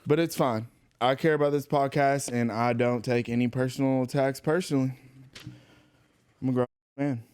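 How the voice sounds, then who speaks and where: A man's voice: medium pitch, steady tone, a little fast, darkish tone, smooth. A man co-hosting a podcast, making a joking, mock-earnest defence of himself in casual chat. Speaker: podcast co-host.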